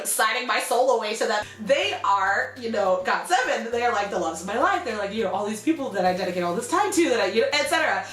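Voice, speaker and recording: A young American woman telling a rambling, animated storytime in a casual vlog, full of "like" and "you know". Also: on the high side. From United States. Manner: animated, rambling, heavy use of "like". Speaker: vlogger. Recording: roomy echo with faint music.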